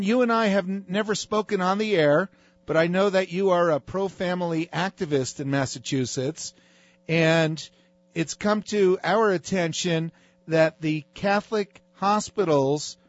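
A man's voice: fairly high pitch, dry recording, lo-fi sound. A man hosting a talk radio show, speaking in an emphatic, preachy way.

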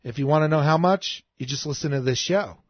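A man's voice: a little high, a little fast, breathy edge, no room sound, highs cut off. A man hosting a political talk show, delivering an indignant, emphatic monologue that scolds as he goes. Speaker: radio talk show host.

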